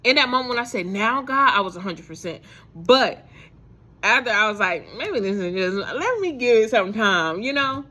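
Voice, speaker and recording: A woman's voice: fairly high pitch, expressive, normal speed, bright, forceful tone. A woman vlogger telling a faith story to her viewers in a casual, rambling way, full of fillers and restarts.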